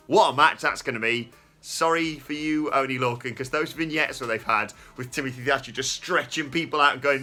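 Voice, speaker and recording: A man hosting a casual podcast chat, his voice bright and forceful. He talks in an animated way, exclaiming and laughing often. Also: medium pitch, a little fast, soft background music. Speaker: host.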